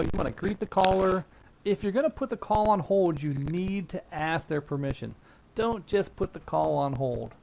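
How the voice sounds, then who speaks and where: Acting out sample phone lines, a man casually teaches a help desk class as its instructor. His voice is on the high side and creaky, and the dull lo-fi recording carries a little hiss or hum.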